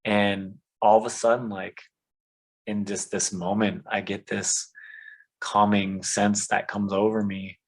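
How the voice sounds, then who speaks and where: A man tells his life story as a guest on a faith podcast. He speaks earnestly in a somewhat low voice and falls back on "um" and "you know" as he goes. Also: level tone, slow pace, poor audio. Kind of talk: conversational testimony.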